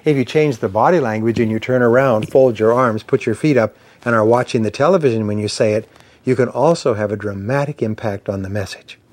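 A man's voice: mid-range voice, a little mellow. Man giving an emphatic motivational lecture. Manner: measured, emphatic, lists points in cadence. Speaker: speaker on persuasion and sales.

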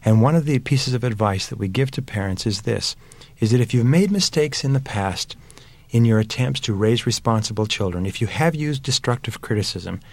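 A man's voice: on the low side, a little mellow, dry recording. Earnest man giving parenting advice. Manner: earnest, emphatic, uses repeated phrases. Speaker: parenting speaker. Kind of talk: motivational talk.

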